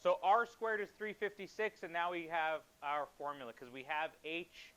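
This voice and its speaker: A man teaching a high school math class, quizzing students and joking with them in a classroom. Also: steady tone, moderate pace, fairly bright tone, clear, resonant tone. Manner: instructive, asks students questions.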